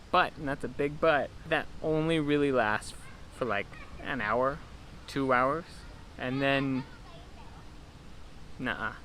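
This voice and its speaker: A man's voice: medium pitch, a bit bright, slight background noise. A young American man from California, chatting casually in a vlog with a laid-back, rambling way of talking. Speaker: vlogger.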